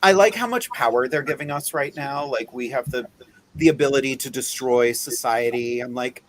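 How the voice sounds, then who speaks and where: A man hosting a casual talk show, chatting and telling stories in an animated way. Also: mid-range voice, moderate pace. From Pennsylvania. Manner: chatty, animated storytelling with laughs. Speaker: podcast host. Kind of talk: casual chat. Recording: faint background noise.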